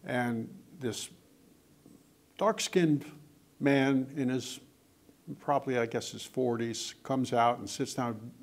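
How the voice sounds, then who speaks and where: A man's voice: mid-range voice, takes it slowly, pauses often. An older man, an author, chatting and telling anecdotes with lots of quoted dialogue. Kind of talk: casual storytelling in conversation.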